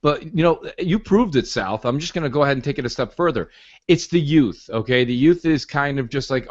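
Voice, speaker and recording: A man's voice: medium pitch, animated, a little fast. A man hosting an opinionated gaming podcast, making his points in an emphatic, lecturing way. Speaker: podcast host. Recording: dull lo-fi podcast audio.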